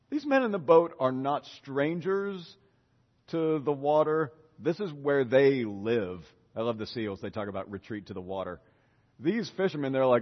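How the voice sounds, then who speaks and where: A man preaching a lively sermon, retelling a Bible story in casual speech and acting out the characters' lines. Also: medium pitch, measured pace, big-room sound, highs cut off. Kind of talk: lively sermon with acted-out dialogue.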